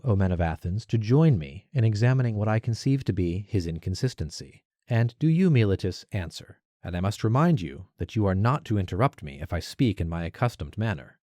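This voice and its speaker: Lively, deep-voiced male reader. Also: brisk, dry recording. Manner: rhetorical, questioning, rising emphasis on key words. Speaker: reader of a classical text. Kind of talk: dramatic reading of a philosophical dialogue.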